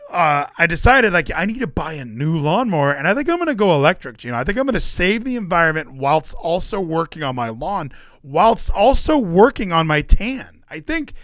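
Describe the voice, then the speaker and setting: Animated joking male podcast host. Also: a little high, no room sound, clean studio sound. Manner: rambling, joking asides and running gags; animated, ranting bursts. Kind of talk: casual chat.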